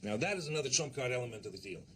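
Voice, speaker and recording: An actor playing a crude, boastful tycoon who talks over everyone, in a satirical comedy film. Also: male voice, mid-range voice, animated, racing, very noisy, close to an everyday voice. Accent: New York. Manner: boastful, interrupts, bossy, rambling.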